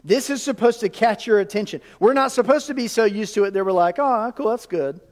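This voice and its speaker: A man preaching a sermon in a church, animated and full of rhetorical questions to the congregation. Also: high-pitched, quick pace, big-room sound. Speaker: pastor. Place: church sanctuary.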